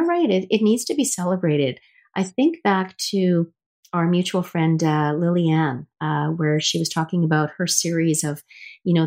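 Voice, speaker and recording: A middle-aged woman hosting a casual interview, telling stories in a chatty way with many restarts. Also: lowish voice. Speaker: host.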